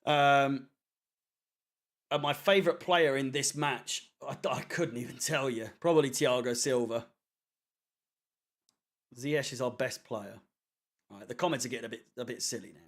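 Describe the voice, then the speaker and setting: A man's voice: mid-range voice, animated, measured pace, fairly bright tone. A man hosting a fan watchalong stream, chatting casually, rambling with fillers and the odd swear word. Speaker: fan channel watchalong host. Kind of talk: casual live-stream chat reading comments.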